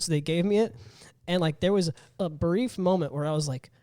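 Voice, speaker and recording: A man's voice: on the high side, fairly quick, hardly any pauses, darkish tone, dry recording. A young man in his twenties, co-hosting a podcast, telling a rambling story with a sore jaw after dental surgery. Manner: rambling storyteller, acts out quotes. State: sore jaw after wisdom teeth removal. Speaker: podcast co-host. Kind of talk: casual chat.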